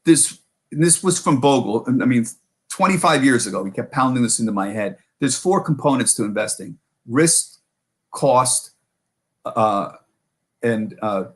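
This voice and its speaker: A man's voice: mid-range voice, expressive, a little slow. A middle-aged man, a markets correspondent, talking casually in an interview and telling stories with many restarts and self-corrections.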